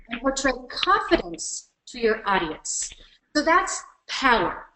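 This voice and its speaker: A woman coaching presenters in a webinar from her computer, speaking energetically and with emphasis, shifting her speed and loudness to show each point. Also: a little high, sing-song, slow, reverberant, low-quality recording. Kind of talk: instructional webinar workshop. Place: at her computer on a web call.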